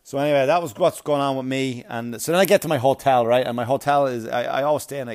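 A man's voice: medium pitch, fairly even intonation, fast, few pauses, darkish tone. A comedian chatting casually to his viewers, telling a rambling, profane story with asides, sounding like he has a cold.

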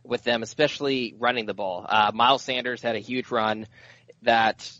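A man on a sports podcast panel, breaking down a game in a measured, analytical way. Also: mid-range voice, fairly even intonation, pushed and bright, muffled recording.

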